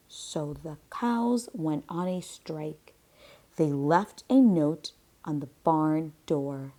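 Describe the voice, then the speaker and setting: A woman teacher reading a picture book aloud slowly and deliberately, pausing for comprehension questions. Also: sits low, darkish tone. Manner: slow, deliberate read-aloud.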